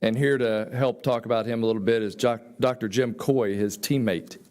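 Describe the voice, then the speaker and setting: A man's voice: mid-range voice, fairly even intonation, moderate pace, a little mellow. A man emceeing a hall of fame banquet, introducing inductees in a folksy, admiring way. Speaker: master of ceremonies. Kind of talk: ceremony introductions.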